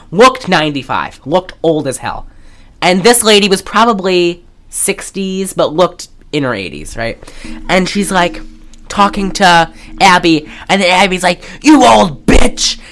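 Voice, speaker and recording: A woman's voice: fairly low pitch, animated, fairly bright tone. A woman co-hosting a podcast, casually recapping an old horror movie, swearing freely and acting out lines with bursts of laughter. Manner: profane, laughing, acts out characters in quick asides. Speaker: podcast co-host.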